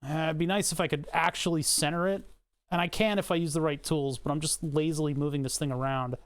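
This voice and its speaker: A man's voice: on the high side, fairly even intonation, fast talker, clean tone. A man casually chatting to his livestream chat while working on a design, rambling with joking asides and self-mocking laughs. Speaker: streamer.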